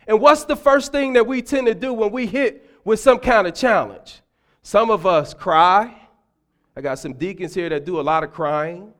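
A middle-aged man preaching a sermon in church, telling stories with humor and sudden loud bursts. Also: high voice. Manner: animated storytelling, humorous asides, loud bursts. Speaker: deacon preaching.

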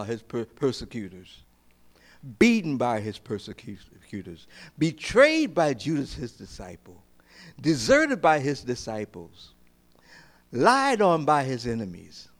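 A man preaching a sermon as pastor, passionate, repeating phrases for emphasis and swinging between loud peaks and quiet asides. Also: mid-range voice.

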